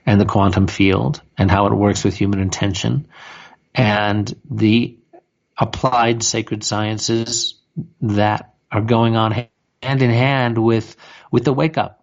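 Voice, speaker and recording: A man's voice: lowish voice, vocal fry, dull audio. A man co-hosting a radio show, talking in a rambling casual way with lots of "you know" and restarts. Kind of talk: casual talk radio chat.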